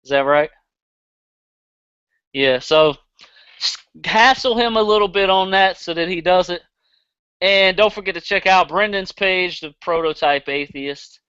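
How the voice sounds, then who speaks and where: A man's voice: high voice, unhurried, pauses often, pushed and bright, clear, resonant tone, no room sound, dull audio. A man with a Southern accent hosting a casual podcast, blunt and profane, laughing easily. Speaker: podcast host.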